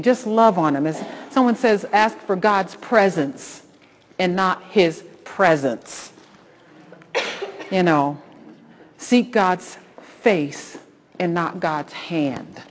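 A woman hosting a Christian devotional talk, preaching fervently and rising into excited exhortation. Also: medium pitch, in a large hall, slight background noise. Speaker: host.

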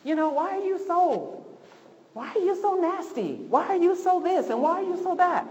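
A woman leading an informal church lesson, talking in a conversational, repetitive and lively way. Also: extremely high pitch, moderate pace, big-room sound, lo-fi sound. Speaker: Bible study teacher. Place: church hall.

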